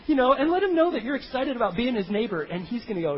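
A man delivers a sermon with a bright, high voice that swings widely as he jokes through the story. The recording is dull and lo-fi, with a faint hiss underneath. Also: fast talker, few pauses. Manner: animated, comic, acts out biblical characters in funny voices. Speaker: pastor.

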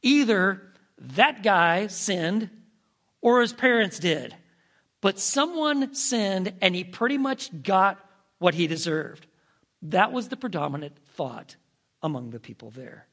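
A male preacher telling a story from the pulpit with a fairly high voice that leaps all over its range. He swings between hushed, drawn-out phrases and sudden emphatic bursts. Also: animated. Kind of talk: storytelling sermon.

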